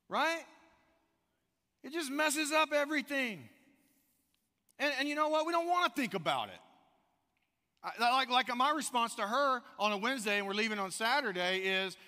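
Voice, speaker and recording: A man preaching a sermon, telling stories with animated energy and asking the congregation direct questions. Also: extremely high pitch, normal speed, pauses often. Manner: animated storytelling, rising to loud outbursts. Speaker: pastor. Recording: echoey hall reverb.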